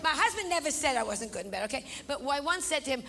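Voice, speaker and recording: A woman's voice: high-pitched, lively intonation, fast talker, pushed and bright. A woman doing a stand-up comedy routine, talking brashly and confidingly to the people in the audience. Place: stage before a live audience. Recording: noisy live stage recording.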